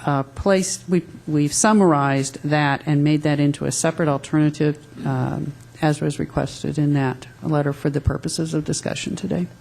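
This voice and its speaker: A woman on agency staff briefing a council at a public meeting, halting and often correcting herself as she explains the material. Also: sits low, gravelly, darkish tone. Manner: halting, frequent restarts and self-corrections.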